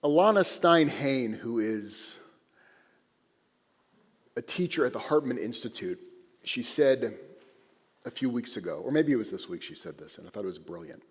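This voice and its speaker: A man giving a sermon as a rabbi, an animated, conversational storyteller speaking in a synagogue sanctuary. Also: medium pitch, normal speed, pauses often, husky. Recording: echoey sanctuary.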